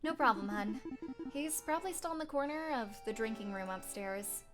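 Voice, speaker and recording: A woman's voice: a little high, lively intonation, moderate pace, fairly bright tone, soft background music. A woman voicing a folksy middle-aged female bird tavern keeper in a put-on Southern US accent, homey in manner.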